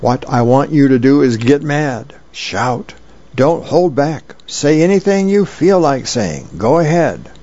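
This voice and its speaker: A man's voice: fairly high pitch, slow pace, dark tone, pitched above the performer's own voice. A man voicing a bossy know-it-all girl who plays psychiatrist, in a lecturing, matter-of-fact way, heard over dull lo-fi radio.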